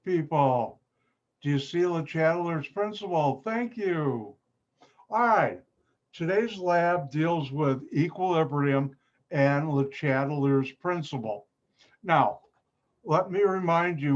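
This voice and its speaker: Speaking slowly in a fairly high voice, a Chicago man with the local accent runs a live online chemistry class over a video call. He keeps things upbeat, joking with his students and poking fun at himself, though the sound is muffled.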